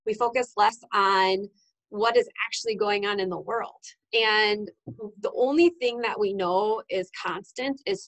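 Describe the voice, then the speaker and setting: An earnest woman in her thirties, originally from Iowa, talks through a casual motivational chat. She keeps checking in with a "right?" and fills her pauses with "um". Her voice sits at an ordinary middle pitch. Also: creaky, a bit bright, poor audio. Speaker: wellness vlogger.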